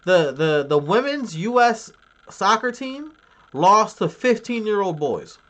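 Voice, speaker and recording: A man's voice: sits high, very animated, takes it slowly, fairly bright tone. A man on a live stream, reading his chat aloud and bragging in a crude, joking way.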